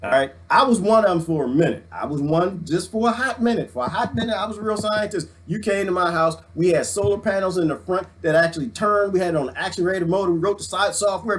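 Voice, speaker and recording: A middle-aged man, ranting excitedly to his viewers, preaching and swinging his handheld mic as he talks. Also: high-pitched, fast, hardly any pauses. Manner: swings the mic around while talking. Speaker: vlogger. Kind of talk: excited casual rant.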